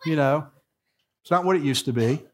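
A sixty-something male pastor with a somewhat high voice delivers a sermon. He tells the story by voicing its dialogue, then presses his points home with rising emphasis. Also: normal speed. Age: 60s. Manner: storytelling preacher who acts out the dialogue, rising to emphatic peaks.

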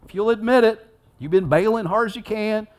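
A man's voice: high-pitched, fairly quick. A man giving a sermon as a pastor, preaching in a conversational way and acting out the story with rising intensity.

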